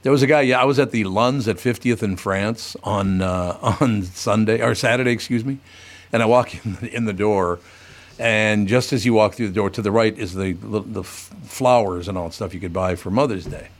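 This radio host has a lowish voice and talks at a normal speed. His stories come out in loose, casual banter, told with animation and plenty of casual swearing.

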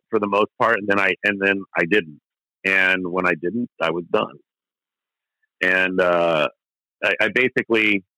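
A man's voice: on the low side, bright, forceful tone, no room sound, poor audio. A middle-aged man telling stories about his band in an interview, rambling with many restarts and fillers, candid and a bit profane. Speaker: interview guest, musician. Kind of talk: casual storytelling interview.

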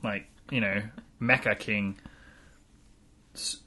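A man co-hosting a casual chat, animatedly recapping an episode and slipping into quick character impressions. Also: fairly low pitch, steady tone, sharp tone. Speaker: podcast co-host.

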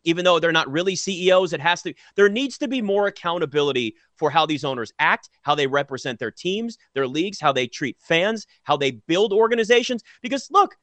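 A man in a casual sports talk show vents in emphatic, exasperated bursts. His voice sits a little high for a man. The sound is dry and close with no room around it. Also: animated, a little fast, few pauses, fairly bright tone, no room sound.

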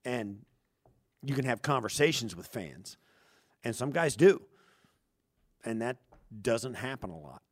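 A man's voice: medium pitch, very animated, unhurried, long pauses, no echo, clean studio sound. Reflective male sports radio co-host. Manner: reflective, conversational.

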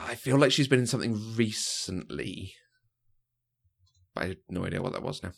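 A man's voice: on the low side, normal speed, gravelly, slightly rough. A man co-hosting a podcast, chatting casually about a film, hesitant with many fillers and frequent laughs. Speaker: podcast co-host. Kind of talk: casual film review chat.

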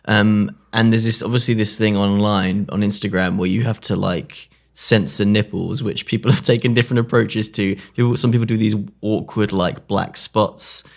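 A man interviewing a guest in casual chat, relaxed and blunt in his wording. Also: fairly low pitch, moderate pace, vocal fry, few pauses.

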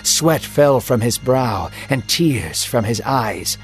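Guy narrating bible story, measured and emotive, middle pitch, soft music under. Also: animated.

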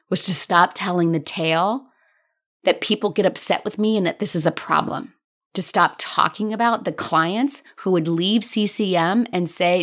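A woman hosting a solo coaching podcast, talking earnestly with a strained, worn voice. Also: fairly low pitch. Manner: earnest, emotional, talks through tears at times. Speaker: podcast host and business coach.

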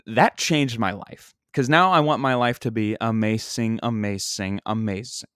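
Brief: young male stand-up podcaster, low voice, rambling story, dry close mic. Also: moderate pace, hardly any pauses, a bit bright, clear, resonant tone, dry recording. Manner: rambling, many fillers and restarts. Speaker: podcast host and stand-up comic. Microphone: single microphone.

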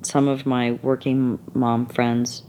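Woman guest, lively candid storyteller who mimics others and laughs easily. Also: a bass voice, takes it slowly, slight background noise. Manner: animated, laughs often, acts out quoted people.

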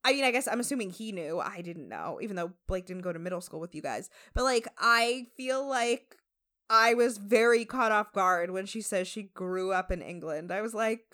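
A woman's voice: mid-range voice, moderate pace. An American woman co-hosting a podcast, recapping a show in casual, chatty talk full of fillers. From United States. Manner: chatty, animated, many fillers. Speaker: podcast co-host.

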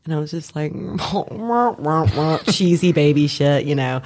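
A woman, a former labor and delivery nurse, telling stories in casual chat, profane and animated, acting out other people's voices and laughing often. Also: deep voice, a little fast.

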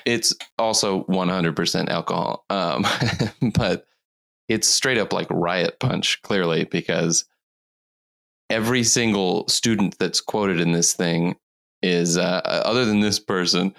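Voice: sits low, slow pace, vocal fry, fairly bright tone. A tired podcast host telling a news story in casual chat, rambling and giggling often. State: tired from lack of sleep.

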